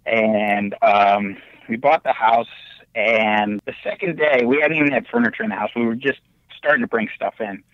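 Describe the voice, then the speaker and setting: Excitable guy recounting a haunting on a podcast, dull lo-fi sound, bone-dry. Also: normal speed, no echo. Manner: animated, excitable storytelling with big pitch jumps. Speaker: podcast guest. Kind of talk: casual storytelling on a podcast. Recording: dull, lo-fi remote audio.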